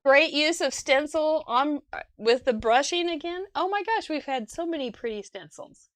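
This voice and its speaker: A chatty female host with a slightly high voice talks enthusiastically about viewers' crafts, laughing easily. The sound is dry and close, with no room around it. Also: lively intonation, normal speed, no echo. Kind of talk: casual chat reviewing viewer crafts.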